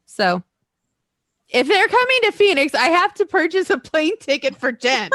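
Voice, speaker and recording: Woman, higher voice, very animated, rambling casual chat, dry close sound. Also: normal speed, no echo. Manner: chatty, rambling, laughs often. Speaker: podcast co-host.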